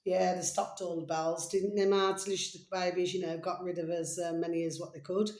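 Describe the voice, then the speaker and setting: A woman's voice: fairly low pitch, little pitch movement, fairly quick, a little mellow, reverberant. A woman hosting a chatty, rambling vlog, calling her viewers "babies" and drifting between topics. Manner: rambling, affectionate, calls viewers "babies", hums and sings snatches. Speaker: video host.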